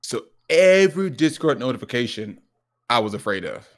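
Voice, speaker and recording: A man co-hosting a podcast, telling a story in casual chat, restarting often and acting out what people said with sudden jumps in pitch. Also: moderate pace. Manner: animated storyteller, acts out quoted lines with jumps in pitch; frequent restarts and repeated words. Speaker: podcast co-host.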